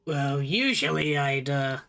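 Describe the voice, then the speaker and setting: A man voicing a gruff male sewer mutant with a tendril arm, talking coarse and blunt. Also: fairly high pitch, lively intonation, slow, a bit bright, exaggerated voice.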